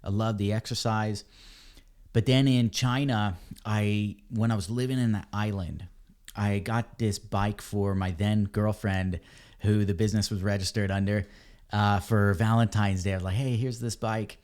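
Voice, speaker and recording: A man, a podcast guest, telling a story in a casual, animated way and calling people dude and man. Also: lowish voice, normal speed, smooth. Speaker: podcast guest, ebike company cofounder.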